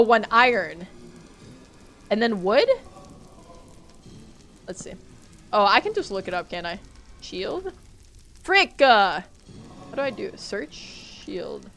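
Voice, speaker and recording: A woman's voice: medium pitch, animated, takes it slowly, pauses often. A woman streaming a game live, talking to her chat, jumpy and swearing as she plays. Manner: jumpy, swears, talks to chat while playing.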